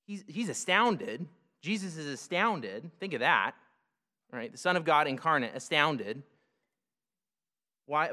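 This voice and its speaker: A pastor works through a passage in a conversational sermon, breaking off for rhetorical asides. His voice is bright and sits a little high for a man. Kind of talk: expository sermon.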